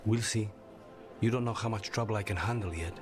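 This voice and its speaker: An actor playing a grave, brooding male assassin companion in a video game, speaking in a measured, intense way. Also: lowish voice, lightly acted. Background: game music.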